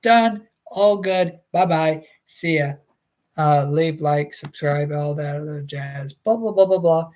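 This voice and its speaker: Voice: medium pitch, takes it slowly, a little mellow. A streamer reading a book aloud on a livestream, chatting casually and rambling with many fillers.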